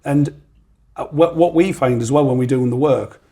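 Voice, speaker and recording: A man hosting a podcast in casual interview chat, with frequent quick backchannels. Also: mid-range voice, warm tone. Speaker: podcast host.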